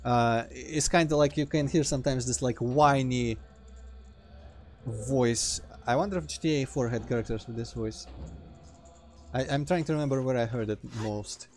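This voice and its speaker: A man with a Russian accent chats loosely while he plays, his voice sitting at an ordinary middle pitch. He trails off mid-sentence and breaks into sudden exclamations at the game, over a faint bed of music. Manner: rambling, self-interrupting, reacts loudly to the game. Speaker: let's play host. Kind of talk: casual gameplay commentary.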